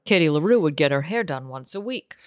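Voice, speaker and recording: Lively woman with a lower voice, in banter. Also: dry recording, clean studio sound, big-room sound. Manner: quick jokey banter. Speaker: podcast co-host. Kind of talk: casual chat.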